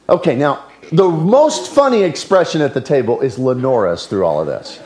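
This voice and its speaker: A male pastor preaching a sermon, telling stories in an animated way that swings between loud and hushed. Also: mid-range voice, moderate pace.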